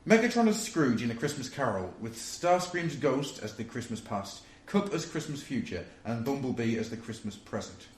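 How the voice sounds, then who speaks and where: Amused man reading out fan pitches. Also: moderate pace, hardly any pauses. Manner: amused, chuckling, lively. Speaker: podcast co-host reading listener suggestions. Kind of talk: casual comedic chat. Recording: roomy echo with faint room noise.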